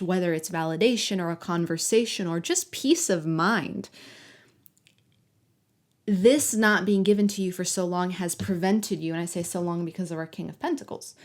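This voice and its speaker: A woman giving a collective tarot reading, talking softly and affectionately to the viewer and sometimes dropping to a whisper. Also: lowish voice. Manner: soft, affectionate, talks directly to the viewer. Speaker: tarot reader.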